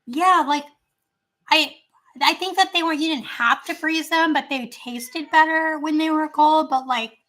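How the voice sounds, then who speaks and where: A chatty woman with a high, bright voice rambles through a casual tasting chat at home. She leans on fillers as she talks. Her voice sounds strained and not at its best. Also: a little slow. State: voice strained, not great right now. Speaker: channel host.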